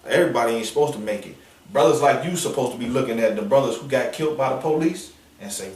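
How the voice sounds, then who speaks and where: A man's voice: mid-range voice, quick pace, a little hiss or hum. Confrontational street preacher man, echoey. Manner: forceful, confrontational, slangy. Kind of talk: outdoor street preaching with call-and-response. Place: outdoor street downtown. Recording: echoey street sound from a distance.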